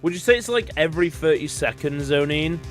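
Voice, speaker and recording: A man's voice: on the high side, animated, fairly quick, soft background music. A man streaming a video game, chatting casually with his viewers, joking and swearing freely. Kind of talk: casual let's-play chat and reading game dialogue aloud.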